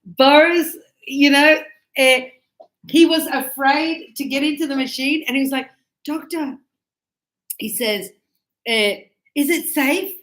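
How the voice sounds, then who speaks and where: A woman teacher explaining grammar to students in a classroom, animated and emphatic, acting out little dialogues. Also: high-pitched, measured pace. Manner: emphatic, teasing. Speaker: English teacher. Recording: echoey room.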